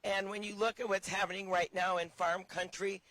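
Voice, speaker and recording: Hoarse woman giving a rousing outdoor rally speech. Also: mid-range voice, flat delivery, moderate pace, a bit bright, no room sound, rough recording. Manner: passionate, rousing, clears her throat often. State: hoarse, losing her voice. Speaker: senator speaking at a rally.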